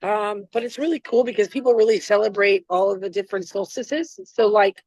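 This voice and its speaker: A woman's voice: medium pitch, a little fast, a little mellow, husky, no room sound, poor audio. A woman chef from Florida, chatting casually in an interview, rambling and joking about herself. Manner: chatty, rambling, self-deprecating. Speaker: chef and guest.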